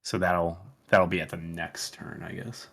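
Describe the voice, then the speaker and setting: Slow drawly guy with a creaky voice, kinda hesitant, playing d&d. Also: low-pitched, level tone. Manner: unhurried, hesitant, with fillers and soft laughs. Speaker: player. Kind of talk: tabletop game play, casual chat.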